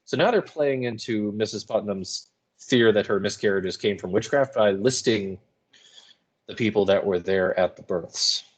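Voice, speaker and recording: A man's voice: lowish voice, husky. Casual male student explaining a play. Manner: informal, explanatory, quick asides. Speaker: student reader. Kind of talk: casual literary commentary.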